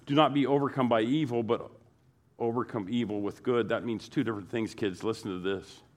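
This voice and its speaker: A man's voice: mid-range voice, steady tone, fairly quick. A man preaching a sermon to his congregation, repeating phrases and building emphasis as he goes. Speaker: pastor.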